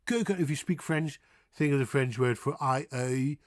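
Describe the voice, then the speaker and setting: Slow, encouraging Dutch-accented man teaching. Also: on the high side, animated, a little mellow, no echo, studio quality. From Netherlands. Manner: drawn-out, exaggerated demonstrations of words; encouraging and playful. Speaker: language teacher. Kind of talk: pronunciation lesson.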